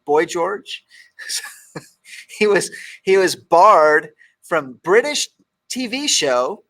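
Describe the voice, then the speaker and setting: A man's voice: high-pitched, big pitch swings, very slow, fairly bright tone. Joking male talk show host. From Texas. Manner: jokey, reads quotes aloud with emphasis. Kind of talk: casual talk show banter.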